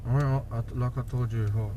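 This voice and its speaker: A man's voice: medium pitch, steady tone, fast. A man in a parked car, muttering through gritted teeth to police so his friends won't notice. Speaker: passenger questioned by police. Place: inside a car at night. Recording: loud street noise.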